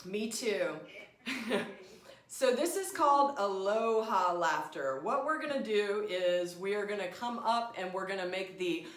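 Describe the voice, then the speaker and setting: A woman's voice: medium pitch, expressive, measured pace, echoey room. Upbeat woman leading laughter exercises. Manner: upbeat, coaxing, breaks into laughter. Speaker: laughter yoga leader. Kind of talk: guided group exercise instruction. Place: online class.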